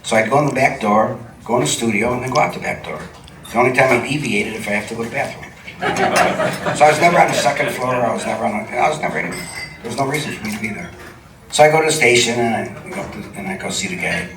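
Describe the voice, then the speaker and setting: A man's voice: mid-range voice, rapid-fire. Older man telling stories in a club. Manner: chatty, laughs often, acts out quoted dialogue. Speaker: guest storyteller. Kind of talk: live on-stage storytelling. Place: supper club stage before an audience. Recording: roomy venue sound from a distant mic with background noise.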